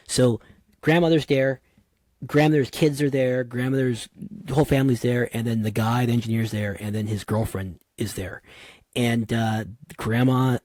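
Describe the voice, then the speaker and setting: A man talking as a podcast guest in a casual interview, an animated, digressive storyteller with slangy asides. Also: medium pitch, moderate pace, dry recording.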